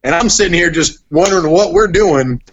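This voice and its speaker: A young man in casual podcast chat, an animated storyteller who says "like" a lot, talking about sports. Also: fairly high pitch, brisk, slight background noise, rough recording. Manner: animated storyteller, heavy use of "like". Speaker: podcast guest, sports broadcaster.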